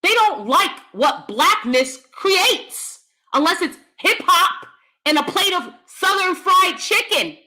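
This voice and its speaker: An American woman hosts a laid-back livestream, reading the chat out loud. She's lively and blunt, jumping from a high voice to a deep one and tossing in laughing asides, all at a slow pace.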